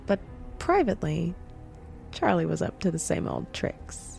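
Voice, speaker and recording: Female podcast host, low warm voice, scripted true-crime storytelling. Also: very animated, unhurried, gravelly, faint music behind.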